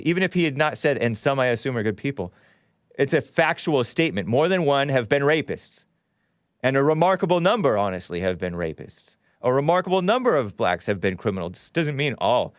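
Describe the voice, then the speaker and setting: A man's voice: mid-range voice, clear, resonant tone, no echo, studio quality. A man hosting a casual call-in talk show, rambling and correcting himself as he goes, laughing often. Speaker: host.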